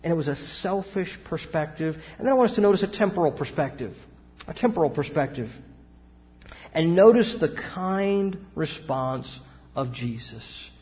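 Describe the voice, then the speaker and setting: A man's voice: fairly high pitch, animated, moderate pace. A man, a pastor preaching a sermon with emphatic rises and rhetorical questions. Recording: dull sound with long hall reverb.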